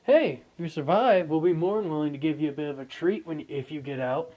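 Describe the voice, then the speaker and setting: A man's voice: fairly high pitch, a little fast, mellow, lightly acted, rough recording. A man voicing a flirty female warrior guard with a teasing manner.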